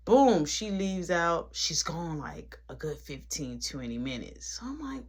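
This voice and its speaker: A person telling a dramatic personal story in casual, slangy speech full of asides. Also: female voice, on the low side, normal speed, husky. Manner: slangy, animated retelling with many asides.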